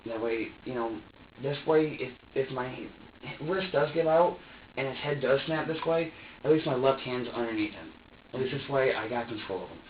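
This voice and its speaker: A man's voice: medium pitch, animated, normal speed, distant mic. A man recounting events under police questioning, rambling and repeating himself as he acts out his own words. He sits well back from the microphone in a reverberant interrogation room. The recording is dull and muffled, with a faint hiss underneath. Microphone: room surveillance microphone.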